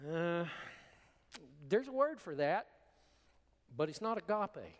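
A man preaching a sermon as pastor, emphatic and animated, with repeated words for stress. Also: high voice, slow pace. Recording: long hall reverb.

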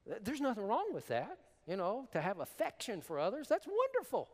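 A man preaching a sermon as pastor, emphatic and animated, with repeated words for stress. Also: sits high, brisk. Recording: long hall reverb.

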